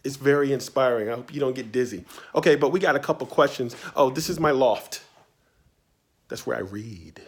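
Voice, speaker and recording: A man's voice: medium pitch, brisk, husky. A man from Virginia answering reader questions in a casual, playful, chatty way from his writing studio. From Tidewater Virginia, US. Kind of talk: casual video Q&A.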